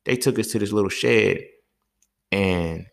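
A man hosting a podcast, telling stories in a casual monologue with profane, streetwise, animated talk. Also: fairly low pitch, unhurried, gravelly. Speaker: podcast host.

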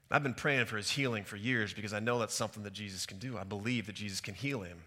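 A man's voice: on the low side, bright, forceful tone. A middle-aged man, a pastor, preaching a sermon and telling personal stories in an earnest, reflective way, recorded on a stage mic in a large church hall. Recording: hall reverb.

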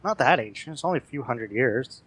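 A man playing a tabletop role-playing game, making deadpan jokes. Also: medium pitch, a little fast. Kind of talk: casual tabletop role-play.

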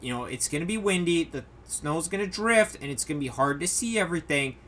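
A man's voice: a little high, animated, fairly quick, fairly bright tone, slight background noise. A young man hosting a solo podcast, ranting in an exasperated way, swearing and mocking the people he quotes. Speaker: podcast host.

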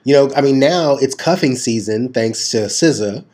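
A man's voice: medium pitch, moderate pace, a little mellow. A man co-hosting a casual podcast, rambling playfully and correcting himself often. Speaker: podcast co-host. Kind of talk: casual chat.

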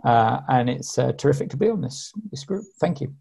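Middle-aged man, genial investor on a call, husky and gravelly. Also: medium pitch, animated, brisk, dark tone, low-quality recording. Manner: genial, self-deprecating, with fillers. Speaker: investor panelist. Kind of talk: self-introduction on a video call. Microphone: video call.

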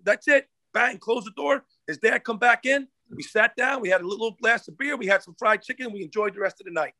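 Fast, bright-voiced former football coach. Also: male voice, high-pitched, no echo. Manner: animated storyteller who acts out the people he quotes. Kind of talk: casual storytelling in a podcast interview.

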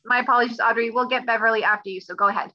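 A woman moderating an online group meeting in friendly casual talk, pausing often with fillers. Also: fairly high pitch, fairly even intonation. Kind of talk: casual video-call chat. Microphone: video call. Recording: muffled call audio.

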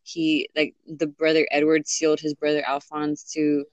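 Young woman rambling in a relaxed chat, lots of likes and ums, dry close sound. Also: deep voice, normal speed, no room sound, lo-fi sound. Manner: rambling, many fillers and restarts. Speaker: interviewee. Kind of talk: casual chat.

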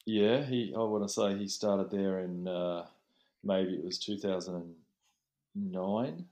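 A man's voice: deep voice, takes it slowly, darkish tone, highs cut off. A man who is a watchmaker, a guest in a casual podcast chat, friendly and rambling. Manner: friendly, rambling, self-deprecating.

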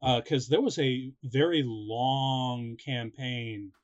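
A man chatting casually about a movie, excitable and quick to laugh. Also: medium pitch. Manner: laughs often, excitable asides. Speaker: co-host of a movie reaction. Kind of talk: casual chat. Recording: slightly dull lo-fi sound.

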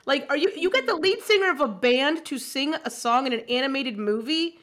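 A woman chatting as a podcast guest, telling stories in an emphatic, animated way and laughing often. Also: sits high, fairly quick. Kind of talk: casual chat.

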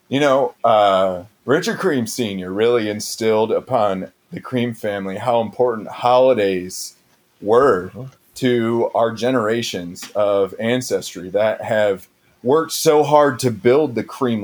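A man playing an earnest political candidate who hedges, leans on fillers and turns sappy. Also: on the low side. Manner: hedging, filler-heavy, sappy. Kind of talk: improvised comedy interview.

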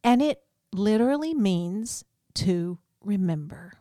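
A woman's voice: medium pitch, lively intonation, takes it slowly, warm tone, dry recording, studio quality. A woman co-hosting a casual chat podcast, joking and laughing often. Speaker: podcast co-host.

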